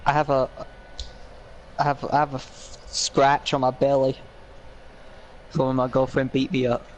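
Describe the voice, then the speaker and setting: A man's voice: mid-range voice, monotone, unhurried. A man in his twenties bantering casually on a live stream, laughing and protesting while he is tickled. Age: 20s. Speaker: streamer's older brother. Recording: noisy background.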